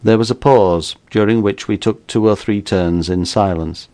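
A man reading an audiobook in a measured storytelling manner. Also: lowish voice, warm tone. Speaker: narrator.

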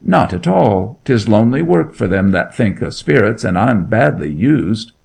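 A man's voice: on the low side, big pitch swings, measured pace, gravelly, a little mellow, slightly rough, exaggerated voice. A man reading a story aloud, voicing a timid young shepherd boy who pleads in a frightened country dialect. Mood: eager.

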